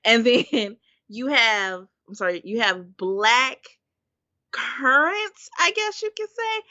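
A woman co-hosts a podcast, chatting candidly and laughing easily. Her voice is bright and a little high, and the dry recording comes across slightly dull and lo-fi. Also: no echo. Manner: candid, animated and quick to laugh. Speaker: podcast co-host. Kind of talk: casual chat.

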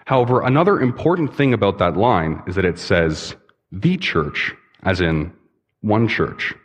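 A young pastoral intern preaches in a relaxed, conversational manner. His voice is low and husky, with a long reverb from the church hall trailing behind it. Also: moderate pace. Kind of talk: sermon. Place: church sanctuary.

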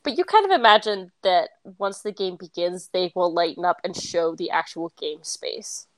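A woman narrating as game master of a tabletop game, relaxed and chatty with plenty of fillers. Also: fairly low pitch, normal speed, dry recording.

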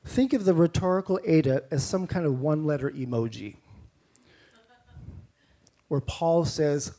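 A man's voice: on the high side, lively intonation, a little slow, warm tone. A man with a Canadian accent preaching a sermon in a conversational way, with rhetorical questions and mock-incredulous asides.

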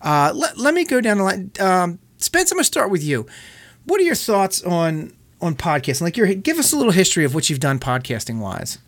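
A man's voice: high voice, very animated, a little fast. A man hosting a casual podcast, chatty, laughing often and restarting his sentences. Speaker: podcast host.

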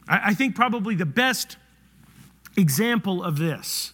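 A man preaching a sermon as the pastor, animated and conversational, swinging between loud emphasis and hushed, near-whispered passages. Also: high voice, unhurried, husky. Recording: reverberant hall.

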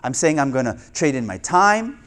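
A male pastor giving a conversational sermon, often checking in with the listeners with "right?" and swinging between louder and quieter delivery. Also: mid-range voice, very animated, moderate pace.

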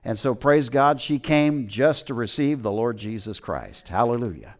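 A man's voice: mid-range voice, expressive, moderate pace. A middle-aged man preaching a sermon as pastor, telling a story and calling out for amens, with frequent fillers.

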